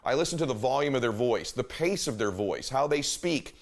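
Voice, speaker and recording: A man's voice: mid-range voice, expressive, fairly quick. A man giving a motivational talk, speaking emphatically, repeating his key phrases and shifting his pace and volume to make a point.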